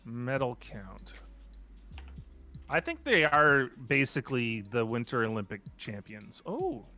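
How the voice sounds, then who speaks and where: A man's voice: medium pitch, moderate pace, faint music behind. A man co-hosting a podcast, chatting casually and joking while sharing trivia. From Canada. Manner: chatty, jokey, lively. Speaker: podcast co-host.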